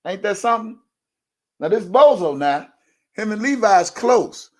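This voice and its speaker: Man, slightly high voice, brash, profane commentary. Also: expressive, unhurried. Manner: brash, loud, profane, repeatedly urging likes. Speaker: online show host.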